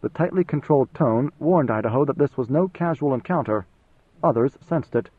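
A man reading a novel as audiobook narrator, in measured, even storytelling. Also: mid-range voice, breathy edge, no room sound. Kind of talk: scripted narration. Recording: tinny phone-like band, dry.

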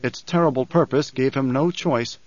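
Man narrating an audiobook, steady and dramatic. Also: mid-range voice, normal speed, no room sound, highs cut off. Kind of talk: scripted narration.

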